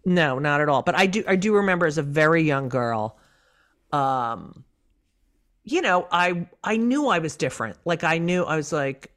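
Profane, animated middle-aged woman comedian. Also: deep voice, moderate pace. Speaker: comedian guest. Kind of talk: casual podcast interview.

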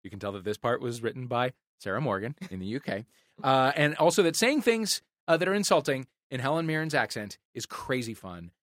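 A man's voice: medium pitch, very animated, brisk, a bit bright, dry recording, clean studio sound. A man hosting a comedy podcast, with wry, playful delivery and crude jokes. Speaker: podcast host.

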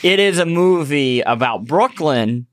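A man with a sore throat hosting a casual podcast chat, animated and laughing, often restarting his sentences. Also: a little high, unhurried, dry recording. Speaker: podcast host.

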